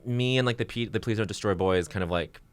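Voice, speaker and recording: A man in his thirties as a podcast guest, chatting casually in a rambling, self-deprecating way with halting restarts. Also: fairly low pitch, clear, resonant tone. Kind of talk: casual chat.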